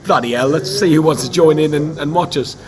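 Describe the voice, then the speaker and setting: A man hosting a casual fan chat from a hotel lobby, excitable and stammering, swearing freely. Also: a little high, fairly quick, faint music behind. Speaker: podcast host. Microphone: laptop video call.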